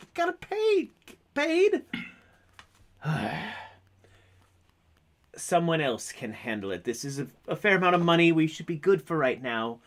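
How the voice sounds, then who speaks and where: A stern, weary woman who keeps her crew in line, as a man voices her in a tabletop game. She speaks low and deliberately, and her pitch swings widely. She sounds tired but commanding. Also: fairly bright tone.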